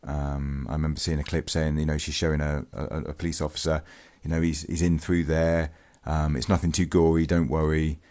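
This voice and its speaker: A man's voice: very deep voice, level tone, brisk, hardly any pauses, a little mellow. A man hosting his own vlog, talking through a true-crime case in a casual, hesitant way with many ums and restarts, sometimes reading from a news article. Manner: reads news excerpts aloud. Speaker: vlogger, channel host.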